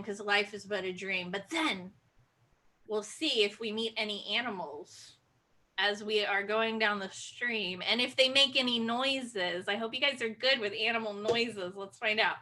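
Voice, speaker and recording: A woman's voice: mid-range voice, sharp tone. A woman leading an online children's sing-along, speaking in a playful, encouraging way with gasps and animal noises over a video call.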